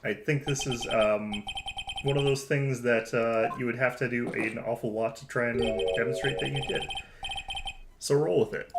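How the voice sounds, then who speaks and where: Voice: mid-range voice, steady tone, normal speed, creaky, noisy background. A game streamer giving casual let's-play commentary with hesitant, self-deprecating asides. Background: loud game music.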